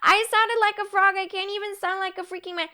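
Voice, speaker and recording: A woman's voice: very high voice, steady tone, quick pace, sharp tone. A young woman streaming live, chatting casually with her viewers, giggling often and answering chat messages as they come in. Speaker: Twitch streamer.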